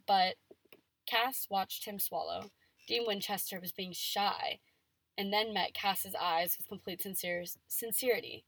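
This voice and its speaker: A woman's voice: medium pitch, unhurried, a bit bright, no echo. Chatty woman reading aloud, dry close mic. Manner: reads dialogue with playful emphasis, chatty with many "like"s. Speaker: podcast co-host reading fan fiction aloud. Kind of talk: casual chat and reading aloud.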